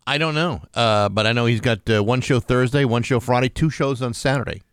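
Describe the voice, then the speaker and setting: A man's voice: mid-range voice, brisk, clear, resonant tone, no echo, studio quality. A man co-hosting a morning radio show, chatting easily with many fillers. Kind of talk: casual radio banter.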